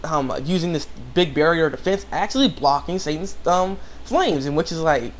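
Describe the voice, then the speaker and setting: A man's voice: fairly high pitch, normal speed, few pauses, slight background noise. A young man casually recapping an anime episode, rambling with many restarts and fillers. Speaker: anime reviewer.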